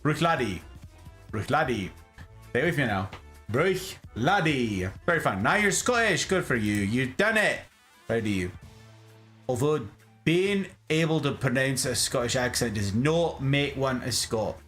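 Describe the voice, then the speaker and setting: With faint music playing behind him, a man hosts a relaxed talk show at a moderate pace. He's a podcast host who banters and jokes while flipping through travel photos, pitch bouncing upward to underline his punchlines.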